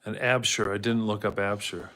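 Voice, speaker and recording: A man's voice: on the low side, flat delivery, normal speed, a bit bright. A man hosting a casual livestream in a rambling way, reading out chat comments and talking to his dog now and then. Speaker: livestream host.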